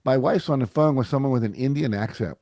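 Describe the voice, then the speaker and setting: Middle-aged male guest, lively storyteller, dry close sound. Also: mid-range voice, fast talker, dry recording. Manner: animated storyteller, acts out quotes. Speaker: podcast guest. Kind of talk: casual interview chat.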